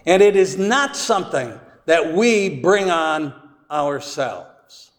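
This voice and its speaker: A man preaching a sermon as pastor, slow and deliberate, leaning hard on key words. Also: fairly high pitch, big pitch swings, long reverb tail. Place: church.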